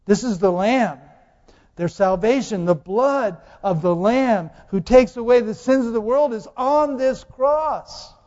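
A man's voice: extremely high pitch, slow pace, a little mellow. A man preaching a sermon, putting questions to the congregation and repeating phrases for emphasis. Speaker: pastor. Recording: dull lo-fi sound with long hall reverb.

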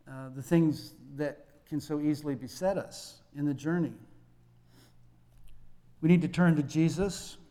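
A man's voice: a little high, warm tone, big-room sound. A male pastor preaching a sermon in a conversational way, acting out little dialogues.

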